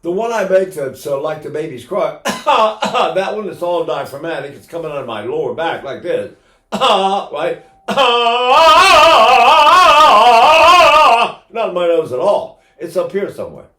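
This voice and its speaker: A man's voice: fairly high pitch, expressive, normal speed, reverberant. An older man teaching singing in a casual, rambling way, breaking into sung vowels to demonstrate.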